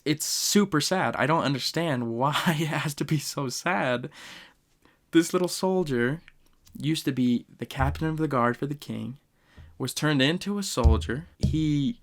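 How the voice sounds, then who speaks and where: A young man hosting a casual podcast, retelling sad scenes in an animated, emotional way with frequent laughs. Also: medium pitch, gravelly. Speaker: podcast host.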